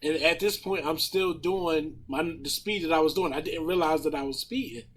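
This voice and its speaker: Husky man, slightly high voice, profane storyteller on a podcast couch. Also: moderate pace. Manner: profane, animated retelling of a story. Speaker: podcast panelist. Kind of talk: casual storytelling chat.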